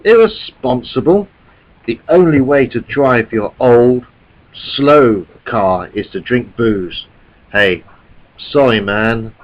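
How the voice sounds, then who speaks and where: A man's voice: mid-range voice, lively intonation, takes it slowly, dull audio. A man dubbing a movie clip as a careless man who drove the car drunk, answering in a flippant, offhand way.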